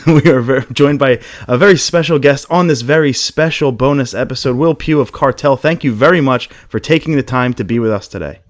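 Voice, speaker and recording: A man's voice: medium pitch, fairly quick, few pauses. A man hosting a podcast, welcoming a guest in an upbeat, jokey way. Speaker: podcast host. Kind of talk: casual podcast chat.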